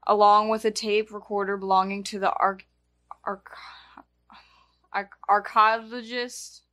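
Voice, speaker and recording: A woman's voice: medium pitch, level tone, normal speed, a bit bright. A woman co-hosting a movie podcast, reading a plot summary aloud in a casual chat and stumbling over some words. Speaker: podcast co-host.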